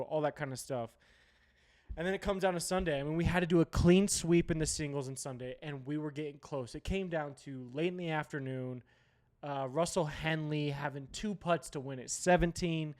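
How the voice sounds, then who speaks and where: A man hosting a sports podcast, ranting heatedly with plenty of profanity and sudden loud outbursts. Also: on the high side. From United States.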